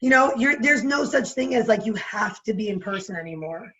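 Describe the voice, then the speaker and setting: A young woman with a New Jersey accent, chatting as a podcast guest in a bubbly, animated way. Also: a little high, muffled recording, slight background noise. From New Jersey, USA. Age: young adult. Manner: bubbly, animated, quick to laugh. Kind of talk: casual interview chat.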